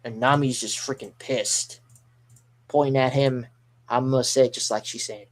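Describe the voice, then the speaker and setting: An excitable man rambles through a live manga reaction, reading panels aloud and reacting as he scrolls. His mid-pitched voice moves at normal speed, with mild swearing and frequent self-corrections.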